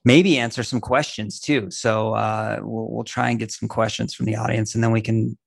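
Guy hosting, gravelly flat voice, dry sound, kinda halting and earnest. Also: on the low side, no echo. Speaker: host. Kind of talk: casual interview talk.

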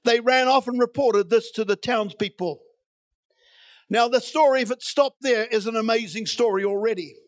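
A man's voice: extremely high pitch, normal speed, dry recording. A man preaching a sermon in a church, reading scripture and building to emphatic, repeated declarations.

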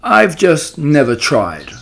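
A man's voice: fairly high pitch, wildly swooping pitch, takes it slowly, creaky, fairly bright tone, pitched above the performer's own voice, full character voice. A man voicing an eager, wide-eyed young male pig who boasts in a storybook reading. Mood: boastful.

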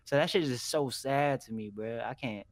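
A young man co-hosting a casual podcast, talking in an animated, slangy, profane way. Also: medium pitch, normal speed, no room sound. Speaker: podcast co-host.

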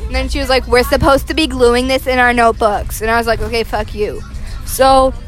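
Teenage girl, high voice, casual podcast chat on a bus, rambling, swearing a lot, faint music behind. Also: steady tone, a little fast. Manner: rambling, profane storytelling. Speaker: student podcast co-host.

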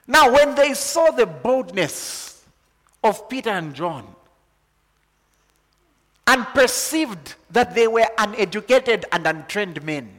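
Zambian preacher in an echoing hall. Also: male voice, high-pitched. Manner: builds from calm teaching to loud excited preaching. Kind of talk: sermon.

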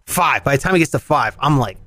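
A man telling a story in casual chat, animated, swearing and acting out voices. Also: mid-range voice, fast, no room sound.

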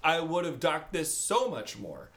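A man's voice: fairly high pitch, huge pitch swings, a little slow, fairly bright tone. A man co-hosting a podcast, rambling and joking in casual chat and laughing often. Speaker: podcast co-host.

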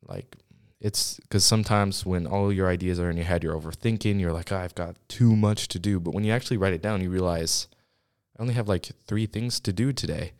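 A young man with a very low voice talks casually into a studio microphone, rambling and restarting his sentences. He keeps running short of breath between quick bursts of talk. The sound is dry and close, with no room echo. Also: darkish tone. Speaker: podcast host. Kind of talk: casual solo podcast chat. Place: small school podcast studio.

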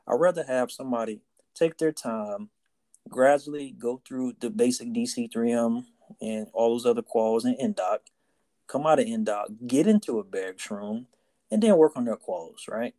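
A man's voice: medium pitch, normal speed, dark tone. A man co-hosting a casual podcast chat, telling a story and often tagging lines with "right?" and "you know". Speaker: podcast co-host, Navy sailor.

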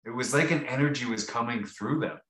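Speaking briskly at medium pitch with a fairly bright tone, a man co-hosting a podcast wanders through a casual story, with plenty of fillers and false starts, all heard in a roomy, echoing space.

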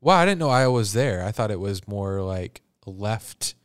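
A man's voice: on the low side, animated, normal speed, clean tone, dry recording, studio quality. A man chatting casually as a podcast co-host, blunt and joking, swearing freely. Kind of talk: casual chat.

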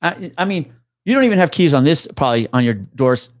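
A man's voice: fairly high pitch, lively intonation, brisk, no room sound, studio quality. A man guest on a podcast, a retired police officer telling a story in casual talk, swearing freely and acting out what others said.

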